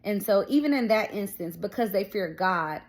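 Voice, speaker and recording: A young woman talking straight to her viewers as she shares a personal faith testimony. She tells it casually, fills it with "like" and "um", and acts out what everyone said. Her voice sits at an everyday middle pitch. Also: animated, moderate pace. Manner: storytelling with many fillers, quoting others. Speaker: faith vlogger.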